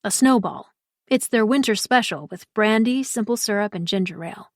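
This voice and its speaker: A woman narrator voicing a calm, attentive man who looks after his girlfriend in an audiobook. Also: mid-range voice, normal speed, no room sound, clean studio sound, close to an everyday voice. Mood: warm. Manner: calm and solicitous. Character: attentive, caring man, a boyfriend.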